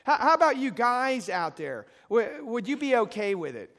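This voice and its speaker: Male pastor, high voice, impassioned sermon delivery, church hall with a long reverb tail. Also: sing-song, normal speed, hardly any pauses, a bit bright. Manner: impassioned preaching, rising to emphatic peaks; leads the congregation in call and response. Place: church sanctuary.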